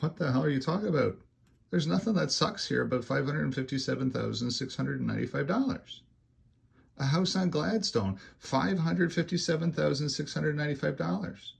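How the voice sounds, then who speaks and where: A man from Canada delivers a casual real estate update in a heavily gravelly, husky voice. He talks emphatically, repeating figures, and turns louder and faster when pressing a point. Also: medium pitch. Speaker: real estate agent giving a market update. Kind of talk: casual video market update.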